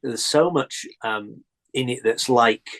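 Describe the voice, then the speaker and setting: A man chats as a guest, retelling old memories with lively relish and frequent laughter. His voice sits at an ordinary middle pitch. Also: slow, rough recording. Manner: animated storytelling, laughs often. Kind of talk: casual chat.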